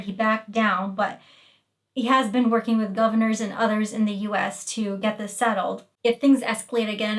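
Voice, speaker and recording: A woman originally from Iraq, hosting a comedic political commentary with emphatic, indignant delivery. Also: a little high. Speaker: host.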